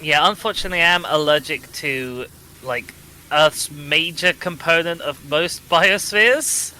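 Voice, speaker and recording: A man's voice: on the high side, unhurried, sharp tone, low-quality recording. A man chatting with a friend while playing a game together, in a wry and playful way. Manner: wry, playful, lightly sarcastic. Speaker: co-player. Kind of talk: casual gaming chat over voice call.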